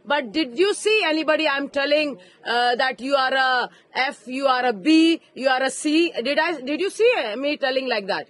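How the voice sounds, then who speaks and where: A woman preaching outdoors in a park, speaking fervently into a handheld interview mic and rising to emphatic shouts. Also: sits high, expressive, moderate pace, hardly any pauses. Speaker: street preacher. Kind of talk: impassioned street preaching.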